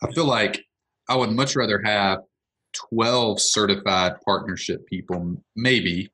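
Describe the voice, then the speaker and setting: A man leading a casual business brainstorm, thinking out loud in a rambling way. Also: lowish voice, fairly even intonation, a little slow, breathy edge, low-quality recording. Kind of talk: casual meeting discussion.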